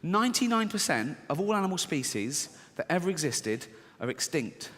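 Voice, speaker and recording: Man doing stand-up on a theatre stage: animated and profane, with a long reverb tail from the hall. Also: on the high side, moderate pace. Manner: animated, profane, acts out characters. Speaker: stand-up comedian. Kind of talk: stand-up comedy set. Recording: reverberant hall with faint ambience.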